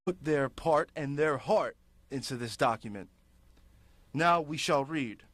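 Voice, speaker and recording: A man's voice: fairly high pitch, unhurried, a bit bright, no room sound. A man hosting a public access show, delivering impassioned political commentary in a fiery, ranting, emphatic way.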